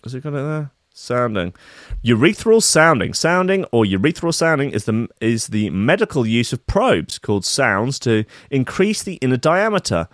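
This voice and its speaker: Guy, young, rambling profane stream host, loud bursts, dry close sound. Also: medium pitch, sing-song, normal speed, no echo. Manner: rambling, sweary, sudden loud outbursts. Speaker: livestream host. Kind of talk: casual profane livestream commentary.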